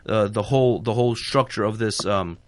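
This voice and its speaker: In a radio studio, a man hosts a show on a studio microphone, chatting casually with many fillers and restarts. His voice is lowish and brisk.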